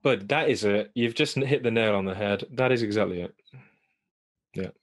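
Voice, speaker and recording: A man's voice: lowish voice, normal speed, dry recording, clean studio sound. A man in his thirties, a guest in an interview, agreeing readily and speaking with hesitant fillers. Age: 30s. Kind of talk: casual interview chat.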